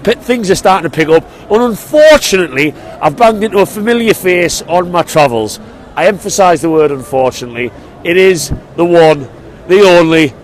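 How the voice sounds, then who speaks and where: A man, vlogging in an excited, chatty way as he heads to a football match through city streets. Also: on the high side, normal speed. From England. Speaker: vlog host. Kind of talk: matchday vlog.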